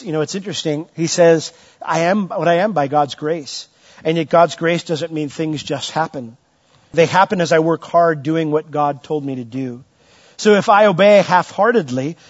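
A middle-aged man preaching as a pastor, asking the congregation questions and lifting his voice for emphasis. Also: highs cut off. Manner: asks the congregation questions, rises in pitch and volume for emphasis. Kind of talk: sermon.

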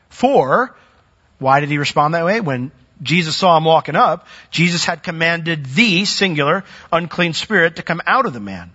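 A man preaching a sermon, animated, with sudden loud swells and soft drops as he retells the story. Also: fairly high pitch, normal speed, dull audio.

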